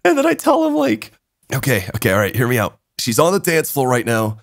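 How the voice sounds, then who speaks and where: A young man hosts a casual podcast chat and tells a long story. He swears a lot and laughs as he goes, with his pitch jumping all over the place. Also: brisk, gravelly, dry recording, clean studio sound. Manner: animated, swears a lot, laughs while telling. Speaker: podcast host.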